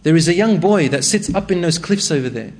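A plain-spoken shepherd, voiced by a man telling a story, who describes things simply and without fuss. His voice sits a little high and stays steady. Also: fairly quick, close to an everyday voice. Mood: matter-of-fact.

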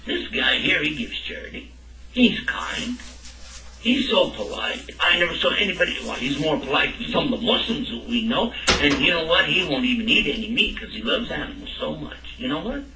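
A man's voice: fairly high pitch, sing-song, normal speed, background noise. A man voicing a skeptical man who challenges the teacher, asking pointed, indignant questions. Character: skeptical man defending a kind neighbor. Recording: echoey room, mic at a distance.

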